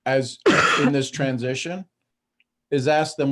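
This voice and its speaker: A man hosting an online coaching call, talking in a direct, animated way and laughing often. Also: medium pitch, takes it slowly. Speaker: host of a live coaching call. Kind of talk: casual coaching talk.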